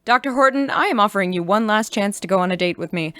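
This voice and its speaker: A woman's voice: mid-range voice, lively intonation, fast, sharp tone, dry recording. A woman playing a brazen, love-struck reporter in a radio comedy sketch. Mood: flirty. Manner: brazen flirting.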